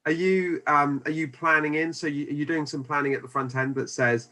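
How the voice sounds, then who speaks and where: A man's voice: on the high side, steady tone, brisk, few pauses, bright, forceful tone. A man hosting a webinar over a video call, asking questions and rephrasing them as he goes. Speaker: webinar host. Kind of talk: interview questions.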